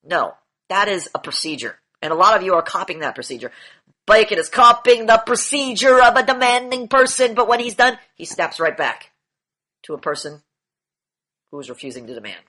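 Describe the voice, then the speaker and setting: A man's voice: sits high, animated, a little fast, pushed and bright. A man coaching a group in an online session, lecturing bluntly, repeating key phrases and swearing now and then. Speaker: demand training coach.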